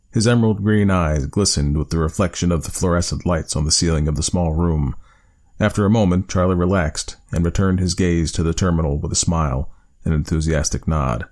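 A man narrating a story in a steady, measured audiobook style. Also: low voice.

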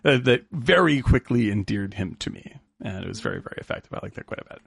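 This man's talk swings all over, with plenty of laughs and restarts as he chats about films. His voice is husky and gravelly, with little pitch held steady. The sound is dry and close. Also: quick pace, no echo. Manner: animated, laughs often, many restarts. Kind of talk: casual film-review chat.

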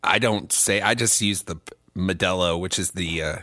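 A man's voice: low-pitched, moderate pace, pushed and bright, dry recording, clean studio sound. A man in his thirties chatting casually on a podcast, rambling and mocking himself with frequent laughs. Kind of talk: casual chat.

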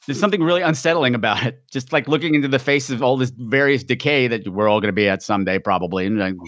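A man's voice: medium pitch, fast, a bit bright, dry recording, clean studio sound. A man hosting a casual podcast chat, campy and theatrical.

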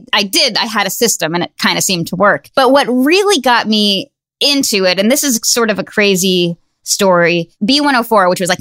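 A woman's voice: medium pitch, fairly bright tone, no echo. A woman in her forties telling a story in casual chat, chatty, laughing often and saying "like" a lot.

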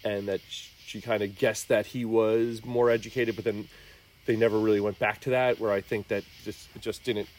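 A man on a movie review podcast panel, giving measured, thoughtful critique. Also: lowish voice, flat delivery, darkish tone. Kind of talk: casual movie review chat.

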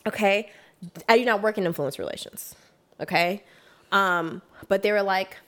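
This guest, a young woman with a mid-range voice at normal speed, casually recounts something that happened at work. Her delivery is emphatic and lively, and she keeps dropping into quotes of herself and the others involved.

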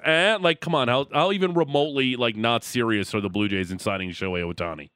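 A man hosting a sports radio show, speaking in a lively, playfully mocking way. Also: mid-range voice, quick pace, hardly any pauses, clear, resonant tone, dry recording, clean studio sound.

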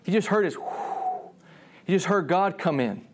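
A man preaching a sermon, animated, often restarting his phrases and acting out voices in the story. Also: brisk, a little hiss or hum. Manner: animated, acts out God's voice with rising pitch; frequent restarts and repeated words.

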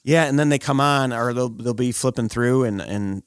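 A man in his thirties chatting on a podcast, telling jokey stories about his kids with lively put-on quotes. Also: mid-range voice, moderate pace, clear, resonant tone, no echo, clean studio sound. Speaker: podcast co-host. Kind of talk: casual chat.

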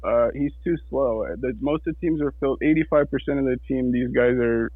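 A man's voice: mid-range voice, fairly quick, husky, no echo. A man calling in as a guest, his voice thin and tinny like a phone line and very dry. He speaks hesitantly and restarts his sentences. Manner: hesitant, repeats words. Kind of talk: casual chat.

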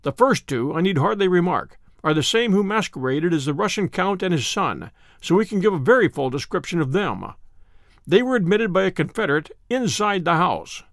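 A man voicing a calm, confident male detective who explains his findings in a measured way. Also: high-pitched, no echo, studio quality, heavily acted. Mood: assured.

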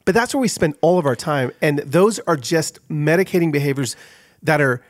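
A middle-aged man telling a personal story as an author being interviewed, in an animated, expressive way. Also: fairly high pitch, normal speed, dry recording.

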